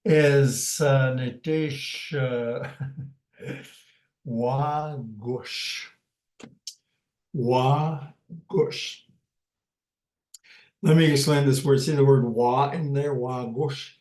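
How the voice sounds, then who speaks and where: A man teaching a language class slowly and patiently, pausing often and repeating words as he explains them. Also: medium pitch, a little mellow. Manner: hesitant, many pauses and fillers, repeats words. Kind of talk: slow, patient language lesson. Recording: roomy echo.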